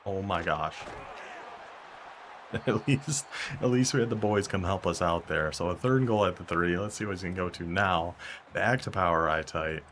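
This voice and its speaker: A young man commentating his own football video game as he plays, talking to himself and reacting with sudden excitement and frustration. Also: low-pitched, slight background noise. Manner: talks to himself while playing, quick bursts of excitement and frustration. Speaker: gaming YouTuber. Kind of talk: live gameplay commentary.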